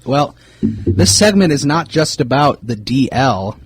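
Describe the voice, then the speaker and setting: A man's voice: medium pitch, measured pace, slight background noise. A man co-hosting a sports podcast, chatting casually with many fillers as he runs through player news. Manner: relaxed, many fillers, reads off player signings. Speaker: podcast co-host.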